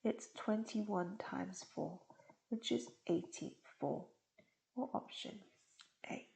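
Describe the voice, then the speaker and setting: A woman's voice: medium pitch, slow, creaky, dark tone, low-quality recording. A woman tutor explaining test questions patiently, step by step.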